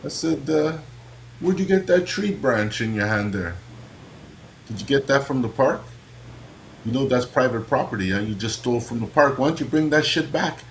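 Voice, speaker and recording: A man co-hosting a casual talk stream, telling stories in an animated, profane way. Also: mid-range voice, normal speed, long pauses, slight background noise, rough recording. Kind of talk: casual livestream chat.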